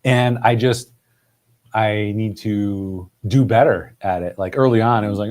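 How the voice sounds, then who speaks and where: A man's voice: lowish voice, a little slow, a little mellow. A man hosting a podcast in casual conversation, rambling and leaning on "like" as filler. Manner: rambling, heavy use of "like".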